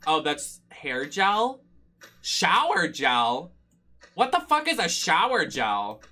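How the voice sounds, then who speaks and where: A streamer giving loud, profane, joking running commentary on a live horror game stream, with sudden squeals when startled. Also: mid-range voice, huge pitch swings, takes it slowly. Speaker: streamer playing horror games.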